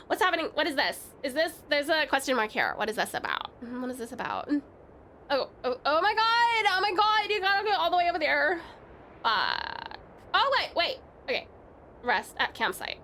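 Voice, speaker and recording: A woman's voice: high voice, huge pitch swings, moderate pace, sharp tone, a little hiss or hum. A young woman streaming a game, chatting with her viewers, giggling often and swearing freely. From Tasmania, Australia. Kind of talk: casual game-stream commentary.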